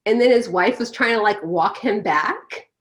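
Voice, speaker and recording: A woman's voice: medium pitch, normal speed, fairly bright tone. A woman guest in a casual interview, speaking candidly and telling stories with animation.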